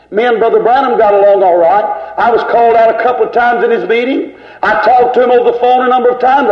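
An older man preaching an emphatic, scolding sermon in a church. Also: sits high. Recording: echoey lo-fi church tape.

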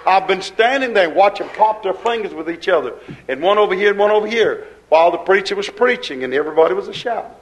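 A man preaching a sermon as pastor. He speaks fervently in folksy grammar, asks rhetorical questions, and swings between loud and hushed. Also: sits high, animated, fast talker, low-quality recording.

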